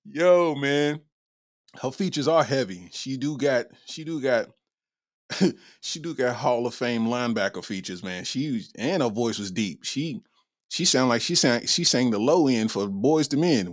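A male comedy podcast host speaks at a measured pace but animatedly, his voice in the mid-range. The commentary is casual and irreverent, laced with slang and frequent laughter, and the sound is a clean studio recording without room sound.

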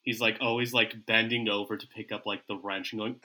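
A man playing a comedic tabletop game as a player, joking in a slow, deliberate way. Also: lowish voice, little pitch movement, pushed and bright.

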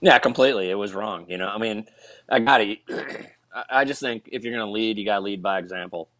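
A man, a military veteran, telling a war story in a halting way with many restarts and fillers. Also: lowish voice, a bit bright, no echo. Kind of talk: casual storytelling.

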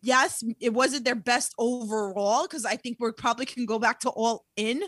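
Woman, podcast co-host, chatty and teasing, fairly high voice, dry sound. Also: steady tone, moderate pace, a bit bright, no room sound. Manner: chatty, full of fillers, teasing. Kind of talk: casual podcast chat.

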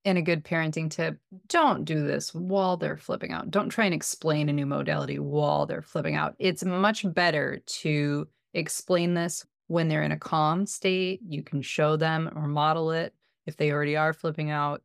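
A woman's voice: deep voice, fairly even intonation, normal speed, gravelly, dry recording, studio quality. A woman podcast co-host and parent, explaining practical tips in a casual chat.

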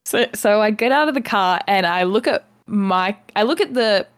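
A woman's voice: medium pitch, animated, moderate pace, dry recording, clean studio sound. A young woman co-hosting a casual podcast, chatty, telling a story and acting out her own reactions, often laughing. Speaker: podcast co-host. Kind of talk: casual chat.

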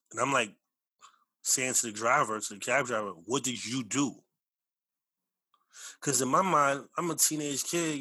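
Guy telling his own story, keeps restarting lines, bright tense voice, dead dry sound. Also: medium pitch, dry recording, low-quality recording. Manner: emphatic, repetitive, self-correcting. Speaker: storyteller recounting a personal experience. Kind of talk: personal storytelling.

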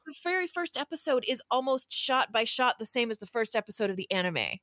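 A woman's voice: on the high side, very animated, a little fast, a bit bright, no echo, studio quality. A woman co-hosting a casual podcast, talking in an easygoing, chatty way and laughing readily. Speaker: podcast co-host.

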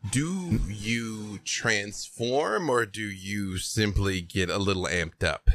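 A man narrating as game master of a tabletop game, calm and deliberate with playful asides. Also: lowish voice, a little hiss or hum.

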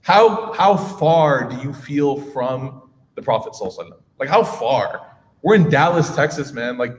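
A man's voice: mid-range voice, lively intonation, normal speed. A man in his thirties giving a casual, slangy religious lecture, telling stories with quoted dialogue to a room of listeners. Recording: long hall reverb.

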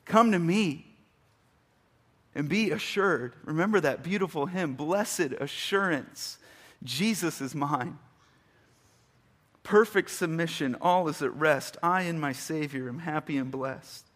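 A man preaching a sermon, emphatic, rising to loud bursts and reading scripture slowly and deliberately. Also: on the high side. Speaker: pastor.

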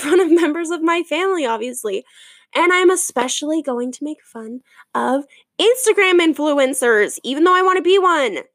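A woman with a high voice that is giving out on her rambles sarcastically through a casual podcast monologue. She leans on fillers and asides as she mocks whatever crosses her mind. The sound is dry and close to the mic. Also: no room sound. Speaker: podcast host.

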